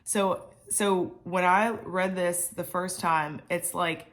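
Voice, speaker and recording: A woman's voice: on the low side, steady tone, slow pace, a bit bright. A woman vlogger giving a casual Bible reflection, chatty with many fillers and asides.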